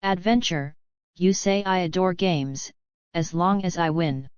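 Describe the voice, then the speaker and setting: A proud, demanding storybook queen, read by a woman in a low, smooth voice. She commands rather than asks. The recording is dry and dull. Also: measured pace, no room sound, close to an everyday voice. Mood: imperious. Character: proud bossy female Queen of Hearts.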